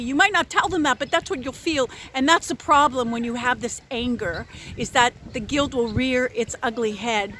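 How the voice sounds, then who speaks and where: A woman's voice: fairly high pitch, normal speed, hardly any pauses, bright, forceful tone. A woman giving an unscripted spiritual talk to camera, intense and blunt, swearing freely and pressing her points hard. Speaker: spiritual vlogger.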